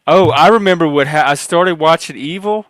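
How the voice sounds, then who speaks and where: A man's voice: a little high, brisk, fairly bright tone, no room sound, rough recording. Blunt, opinionated man, dry sound. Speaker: podcast co-host. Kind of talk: casual chat.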